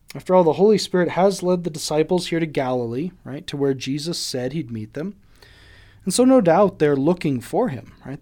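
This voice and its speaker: A male pastor giving a sermon in a conversational way, often checking in with "right?" and acting out quick quoted lines. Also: on the high side, a little mellow. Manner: conversational, uses asides like "right?" and quoted voices.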